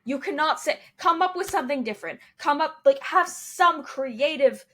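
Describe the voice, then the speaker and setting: A woman's voice: high voice, lively intonation, normal speed, fairly bright tone. A young adult woman co-hosting a casual sports podcast, joking and ranting with frequent laughter. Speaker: podcast co-host.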